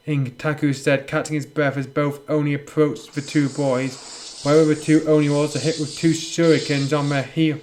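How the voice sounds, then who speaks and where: A man's voice: a little high, level tone, moderate pace, a little mellow. A man reading a fan story aloud as narrator, in a plain reading voice with slips and self-corrections.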